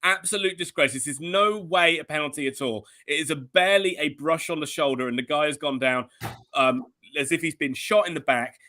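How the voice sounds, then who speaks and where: A British man works as a resident soccer analyst on a live stream. He talks bluntly and emphatically, stumbling over restarts. His voice sits a touch high and sounds bright and forceful. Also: a little fast. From Britain.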